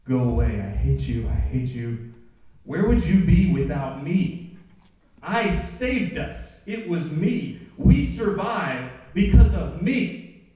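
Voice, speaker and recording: A man's voice: medium pitch, expressive, normal speed, a little mellow, lightly acted. Gollum, a man doing a hissing, possessive creature. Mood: furious. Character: paranoid, possessive male creature, hissing and greedy. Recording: echoey hall, distant mic.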